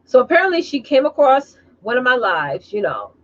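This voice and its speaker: A woman business coach talking casually on a live stream, telling animated stories and calling her viewers y'all. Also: sits high, normal speed, dull audio.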